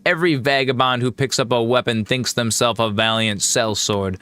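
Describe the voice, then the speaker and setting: A man's voice: medium pitch, steady tone, moderate pace, sharp tone, clear, resonant tone, faint music behind, natural voice. A man voicing a stern, bureaucratic male gate guard who speaks in curt, dismissive orders.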